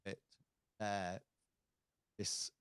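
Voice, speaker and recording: A man's voice: extremely slow, a bit bright, no echo. A man running a tabletop game as game master, narrating in a hesitant way with many fillers and restarts.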